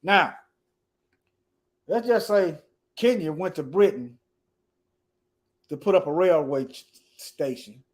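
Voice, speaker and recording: This male political commentator speaks in a distinctly high voice, animated but slow, reading news pieces out loud and reacting to them casually. Long pauses break up his delivery, and he repeats phrases for emphasis while tripping over words. Between points he sinks into soft mumbling to himself.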